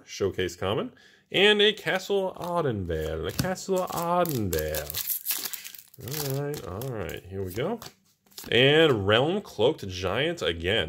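Excitable male host, low voice with big pitch swings, jokey pack-opening commentary. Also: slight background noise.

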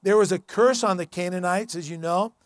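High-voiced preaching pastor. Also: male voice, a little fast, dry recording. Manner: earnest, emphatic, conversational preaching. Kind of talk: sermon. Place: church.

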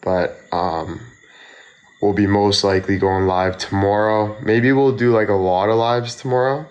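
A young man chatting casually on a phone livestream, tired and tipsy from drinking, rambling slowly with lots of fillers. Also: fairly low pitch, steady tone, darkish tone, highs cut off. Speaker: model and livestreamer.

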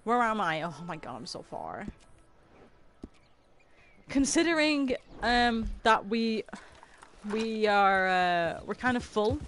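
Chatting and giggling with her viewers, a woman plays a game on a livestream from her room at home. Her medium-pitched voice is animated, unhurried and a bit bright, and a little hiss or hum can be heard.

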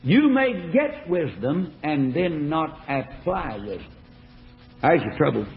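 Male evangelist, gravelly voice, folksy and emphatic, old tinny phone-like recording. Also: on the high side, big pitch swings, slow. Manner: folksy, emphatic preaching with stories. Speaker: evangelist preacher. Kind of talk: sermon.

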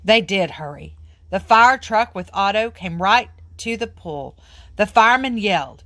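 A woman reading a children's book aloud in an expressive, sing-song way. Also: mid-range voice, measured pace, no room sound. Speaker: storybook reader.

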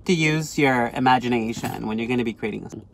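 A man chats casually to his phone camera while sitting in his car, slipping into a playful, affected mock-English voice. His pitch swoops up and down as he talks. The phone recording carries clear car and street noise behind him. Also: quick pace, distant mic. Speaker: vlogger. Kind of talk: casual vlog chat while driving. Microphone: phone in a car holder. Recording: noisy car interior with street sounds.

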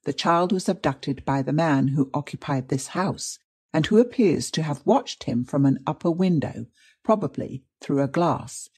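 Picture a calm, learned forensic doctor from an old detective audiobook, as a man reads him. He lays out evidence in a measured, patient manner. The voice is mellow and a little husky. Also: fairly high pitch. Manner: measured, explanatory. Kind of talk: audiobook reading.

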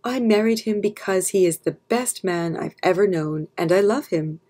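A woman's voice: mid-range voice, normal speed, dark tone, natural voice. A woman reading aloud, voicing a defiant young bride who stands up to her father. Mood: earnest. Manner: defiant, snapping.

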